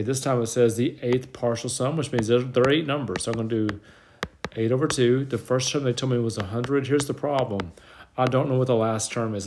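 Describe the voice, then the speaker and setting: A man's voice: mid-range voice, darkish tone. Man, math teacher, out of breath, step-by-step explaining, faint background noise. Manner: plain step-by-step explaining, talks himself through the work. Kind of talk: whiteboard math lesson. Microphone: tablet mic.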